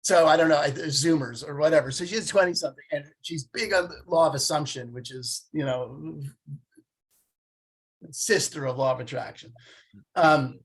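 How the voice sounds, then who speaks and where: Husky older man telling stories. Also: fairly high pitch, moderate pace. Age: 50s. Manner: animated storytelling, acts out quoted voices. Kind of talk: casual conversation.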